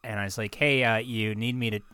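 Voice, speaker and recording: A man's voice: lowish voice, fairly even intonation, a little fast, sharp tone, smooth, no room sound. A man co-hosting a podcast, telling rambling stories in casual chat and swearing often. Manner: profane, rambling storyteller. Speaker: podcast co-host.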